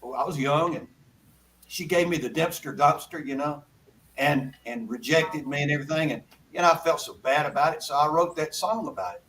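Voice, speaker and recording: A man's voice: a little high, brisk, a bit bright, slight background noise. Folksy older man, distant mic. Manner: folksy, rambling anecdotes with repeated asides. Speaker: guest songwriter. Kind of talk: casual storytelling interview.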